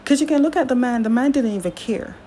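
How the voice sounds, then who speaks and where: A woman giving a casual recap of a drama series, chatty and animated, firing off indignant rhetorical questions and correcting herself as she goes. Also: on the high side, quick pace, a little hiss or hum, rough recording. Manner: chatty, with frequent self-corrections.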